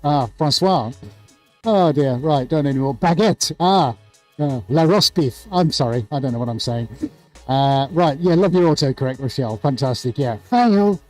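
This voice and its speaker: Guy running a live art stream, bubbly and jokey, kinda high voice, music going faintly behind. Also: normal speed. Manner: chirpy, jokey, excitable. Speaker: artist hosting a live stream. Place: art studio.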